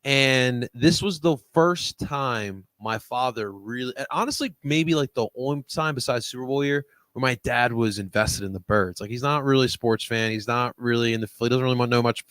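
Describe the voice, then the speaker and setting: Man, mid pitch, dry close mic, energetic recounting, sports podcast. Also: moderate pace, hardly any pauses, no echo. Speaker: podcast co-host. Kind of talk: casual sports podcast chat.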